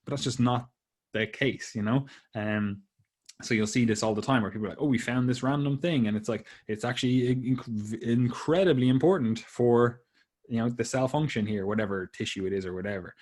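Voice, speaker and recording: A man's voice: medium pitch, moderate pace. A man co-hosting a podcast in casual chat, swearing freely and acting out what others say. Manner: swears a lot, animated quoting of others. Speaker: podcast co-host.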